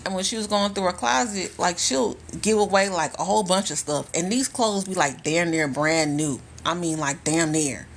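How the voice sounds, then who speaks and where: With few pauses and a normal speed, a woman speaks in a lowish voice during a home phone live stream. The spiritual content creator tells her stories casually, bluntly, and profanely, repeating herself to stress things.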